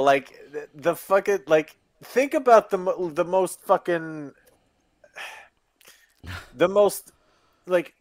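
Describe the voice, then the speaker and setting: A man's voice: fairly high pitch, dry recording. A male co-host in casual chat, rambling, amused and swearing constantly.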